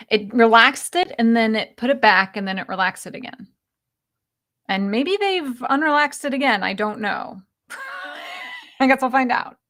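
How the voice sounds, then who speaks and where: A woman's voice: mid-range voice, gravelly, fairly bright tone. A woman casually walking through an AI image tool on screen, rambling and chatty with lots of fillers and an easy giggle. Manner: giggly, laughs easily. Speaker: video creator demoing an AI image tool. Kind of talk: casual screen-share walkthrough.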